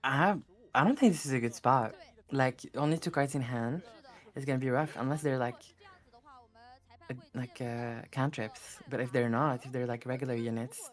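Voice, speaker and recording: Very low-voiced woman commentator. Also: moderate pace. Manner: hesitant, filler-heavy, puzzled. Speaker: tournament commentator. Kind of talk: live card game commentary.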